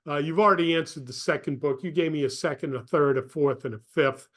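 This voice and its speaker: A man's voice: fairly high pitch, quick pace, fairly bright tone. A man hosting a podcast interview, emphatic, stressing points by repeating phrases. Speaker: podcast host. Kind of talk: casual interview talk.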